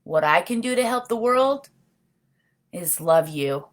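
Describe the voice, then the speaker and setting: A woman's voice: fairly low pitch, animated, a little slow, pauses often. A middle-aged woman hosting a casual live video, talking earnestly and rambling while answering viewer comments. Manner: earnest, heartfelt, rambling with frequent you know. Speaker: livestream host.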